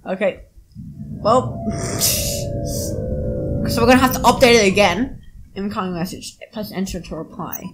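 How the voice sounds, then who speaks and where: A woman's voice: medium pitch, moderate pace, pauses often, a little hiss or hum, rough recording. A woman commentating while playing a video game, yelping and laughing at what happens on screen. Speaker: gaming video host. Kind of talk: let's play commentary.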